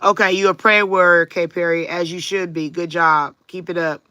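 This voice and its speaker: Woman reader running a live stream: very bright, sharp voice, dry close sound, chatty with viewers. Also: fairly low pitch, fairly even intonation, normal speed, no room sound, dull audio. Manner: chatty, greets and answers commenters by name. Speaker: tarot reader and livestream host. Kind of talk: casual livestream chat.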